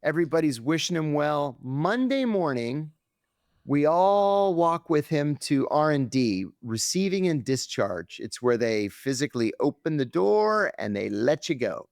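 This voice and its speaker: Lively, dramatic male storyteller. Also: a little high, measured pace, vocal fry, no echo, studio quality. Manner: dramatic, acts out quoted voices. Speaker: guest. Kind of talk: animated storytelling.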